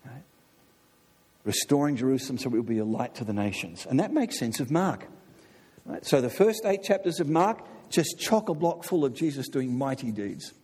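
A man preaching a sermon in an animated way, often asking his listeners "right?". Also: medium pitch, moderate pace, breathy edge. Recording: long reverb of a large hall.

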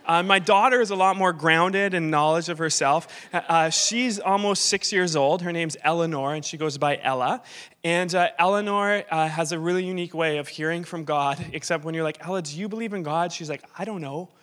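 Man, 30s, missionary guest speaker in a church hall, bright voice, fairly high, joking asides, long reverb. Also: normal speed. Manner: joking, self-deprecating, rambling asides. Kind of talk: church talk with humorous stories. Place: church sanctuary.

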